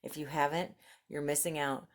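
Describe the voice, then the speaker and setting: A woman book vlogger chatting casually about new books and reading the blurbs aloud, gushing and excitable and laughing often. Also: deep voice, moderate pace, slight background noise.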